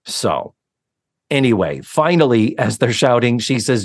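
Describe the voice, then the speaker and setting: A man co-hosting a podcast, casually recapping a sitcom episode in an animated, storytelling way with some casual swearing. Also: medium pitch, measured pace, no echo, studio quality. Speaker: podcast co-host.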